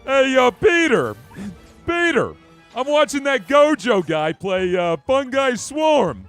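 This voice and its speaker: Brief: man doing a shouting cartoon neighbor, high, strained, faint music behind. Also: sing-song, full character voice. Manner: loud, shouting, drawn-out. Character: gruff cartoon neighbor man, loud and blustery.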